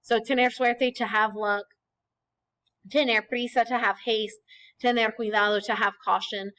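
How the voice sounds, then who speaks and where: A woman with a fairly high voice teaches a recorded lesson over slides. She explains things patiently and step by step, often pausing to check in with a quick "okay?". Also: fairly even intonation, a bit bright, poor audio. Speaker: Spanish teacher.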